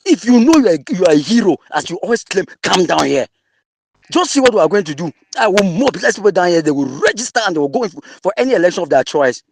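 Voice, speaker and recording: A man's voice: sits high, sing-song, quick pace, gravelly, no echo. Cameroonian guy ranting mad in a forum debate, voice swings way up and down, mocking the other guy. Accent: Cameroonian English with Pidgin. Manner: angry, insulting, mocking. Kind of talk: heated online audio debate.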